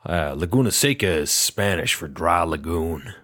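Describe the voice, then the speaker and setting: Wry low-voiced man co-hosting a podcast. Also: animated, measured pace, fairly bright tone. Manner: wry sarcastic asides, laughs often. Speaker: podcast co-host. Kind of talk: casual chat.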